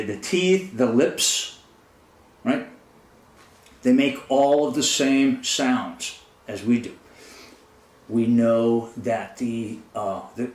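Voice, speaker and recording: A man at a mid-range pitch gives an explanatory lecture, earnest and analytical. He often restarts phrases and pauses to ask "right?". The sound carries a noticeable roomy echo. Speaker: presenter.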